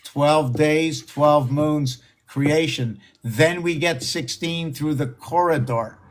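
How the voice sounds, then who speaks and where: A man hosting a live stream, rambling excitedly and often slipping into a squeaky high falsetto. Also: slow pace. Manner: excitable, exclaims and gasps. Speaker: livestream host.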